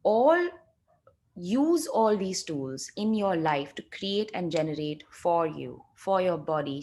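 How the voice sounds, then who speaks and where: A woman with a slightly low-pitched voice talks a group on a video call through a guided exercise. Her phrasing is loose and chatty, full of fillers, and she draws out her instructions softly. It sounds like a casual facilitator speaking over a call.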